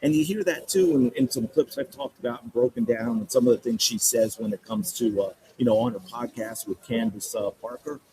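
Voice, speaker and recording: A man hosting a sports podcast, breaking down game film with animated, exasperated commentary and repeating points for emphasis. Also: mid-range voice, slight background noise, poor audio.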